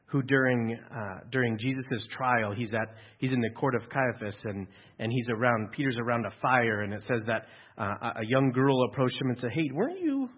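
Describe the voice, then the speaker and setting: A man's voice: mid-range voice, highs cut off. A male pastor preaching a sermon in a church, talking conversationally with dry humor and acting out quotes.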